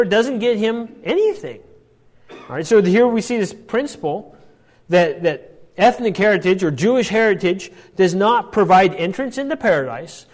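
In a big-room setting, a man with a high voice teaches a Bible passage, explaining it step by step. He checks in often with "all right" and "right?"

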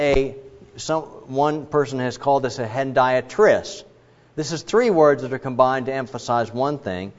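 A man preaching a sermon, explaining scripture in an emphatic way and putting questions to his listeners. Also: medium pitch. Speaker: pastor. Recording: dull lo-fi sermon recording.

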